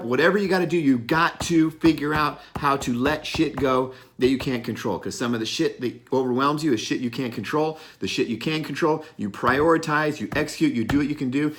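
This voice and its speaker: A man's voice: fairly high pitch, a little fast, few pauses, fairly bright tone. A middle-aged man giving an unscripted motivational talk, blunt and profane, stressing his points and laughing at himself now and then. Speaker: motivational speaker.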